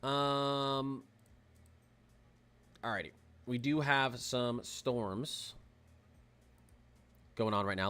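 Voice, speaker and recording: A young man hosting a live weather stream, talking in an excitable, rambling way with lots of fillers and restarts. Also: medium pitch. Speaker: weather livestream host. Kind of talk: casual livestream commentary.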